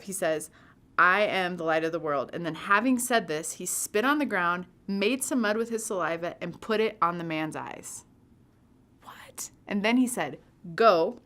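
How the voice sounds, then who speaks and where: A woman with a somewhat low voice gives a casual devotional talk to viewers. She tells stories with animation, acting out her own past reactions. Her delivery is conversational and unscripted. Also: fairly bright tone. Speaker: youth ministry speaker.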